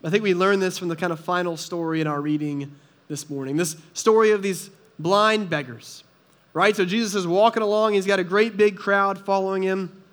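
A man's voice: high voice, moderate pace, fairly bright tone. A man preaching a sermon in an earnest, conversational way, often asking the listeners rhetorical questions. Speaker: pastor.

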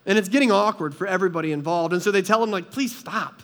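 Guy with a pretty high voice giving a sermon, chatty and earnest, lots of questions to the crowd. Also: racing. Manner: earnest conversational preaching, rhetorical questions. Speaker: pastor.

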